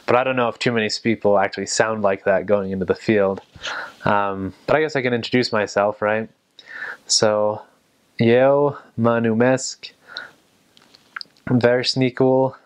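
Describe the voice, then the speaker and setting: A young man who served as a missionary, talking slowly and carefully and repeating each word. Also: on the low side. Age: young adult. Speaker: returned missionary. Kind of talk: casual talk with vocabulary recitation.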